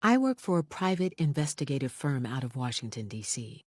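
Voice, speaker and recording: Narrator as poised investigator woman, polite, businesslike, lively pitch. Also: a little fast, no room sound, studio quality.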